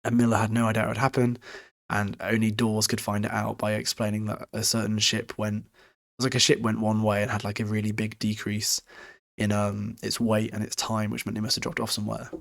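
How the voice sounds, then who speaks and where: Low, flat-voiced British man recapping casually. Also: fairly quick, gravelly. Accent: British English. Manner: rambling, swears freely, chuckles often. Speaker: podcast host recapping a book.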